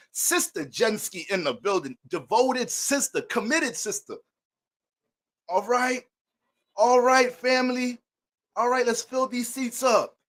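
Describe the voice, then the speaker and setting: A man's voice: high-pitched, pushed and bright. A man hosting an astrology livestream, greeting viewers by name in playful mock-preacher banter.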